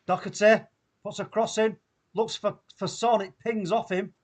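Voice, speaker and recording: A man with a Mancunian accent hosting a live football watchalong, reacting loudly and excitedly to the play. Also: high-pitched, normal speed. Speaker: watchalong host.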